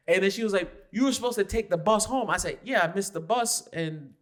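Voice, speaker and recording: A man co-hosting a podcast, telling a story in casual chat, laughing and loudly acting out the people he quotes. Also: sits high, fairly quick, few pauses. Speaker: podcast co-host.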